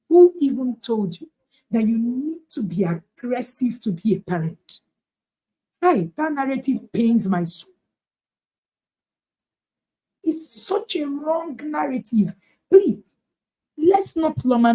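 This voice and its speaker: A woman's voice: sits high, mellow. A woman parenting coach giving a motivational talk to parents, emphatic, repeating her points and asking rhetorical questions.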